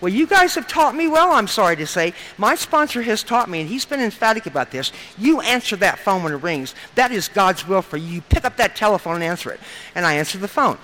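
A middle-aged woman shares her story with a group at a brisk clip, her voice bright and forward. She is earnest, circles back to repeat phrases and tacks "and stuff" onto her sentences. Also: medium pitch, lively intonation, low-quality recording. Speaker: speaker sharing at a recovery meeting. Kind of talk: personal testimony told to a group.

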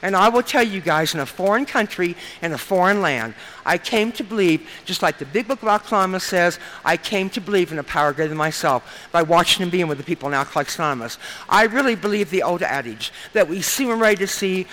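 A woman's voice: on the low side, expressive, fast, fairly bright tone, low-quality recording. A middle-aged woman telling a group her personal story in an earnest way, repeating phrases and often adding "and stuff". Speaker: speaker sharing at a recovery meeting. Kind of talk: personal testimony told to a group.

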